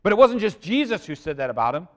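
Man preaching, hushed then emphatic. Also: sing-song, fast talker. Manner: preaching with swings from loud emphasis to hushed, low delivery; asks the congregation questions. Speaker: pastor. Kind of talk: sermon.

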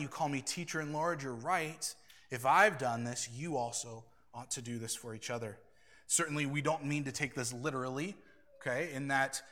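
A man preaching a sermon as pastor, earnest and animated, acting out quoted lines and laughing now and then. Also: medium pitch.

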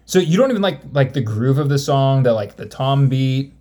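A man's voice: mid-range voice, animated, normal speed, dark tone. A man hosting a casual music podcast, asking teasing questions. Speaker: podcast host.

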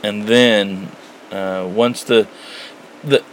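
A man with a somewhat low voice talks casually and haltingly, agreeing often and searching for words. A faint hiss of noise sits under the recording. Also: steady tone, low-quality recording. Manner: halting, lots of "you know" and "right", soft-spoken. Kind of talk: casual candid chat.

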